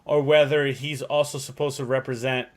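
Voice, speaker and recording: A man's voice: medium pitch, little pitch movement, normal speed. A man co-hosting a casual chat podcast, rambling and swearing freely. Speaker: podcast co-host.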